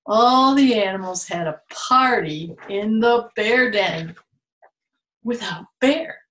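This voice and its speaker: A woman reading a picture book aloud to children at storytime, playful and animated, laughing often. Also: medium pitch, reverberant, poor audio. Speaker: children's museum storytime reader.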